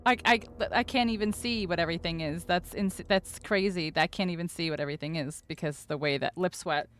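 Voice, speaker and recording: A woman's voice: on the low side, brisk, fairly bright tone. A woman streamer in casual live-stream chat, flustered and overwhelmed, gushing thanks to her viewers and tripping over her words, close to tears.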